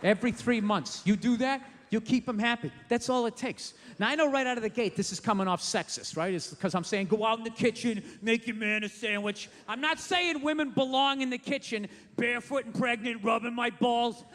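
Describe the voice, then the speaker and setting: High, bright, ranting male comedian. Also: brisk, few pauses, in a large hall. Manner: profane, blunt, ranting, sarcastic. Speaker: stand-up comedian. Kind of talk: stand-up comedy set.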